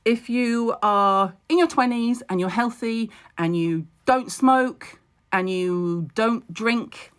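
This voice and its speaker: Broadcasting live from her home, a woman in her forties who works in skincare talks in a relaxed way. She's wry and blunt, tossing in jokes and fast asides, with a medium-pitched voice.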